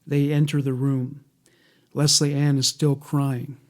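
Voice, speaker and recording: A man reading a scripted documentary narration in a measured, matter-of-fact way. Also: mid-range voice, flat delivery, darkish tone.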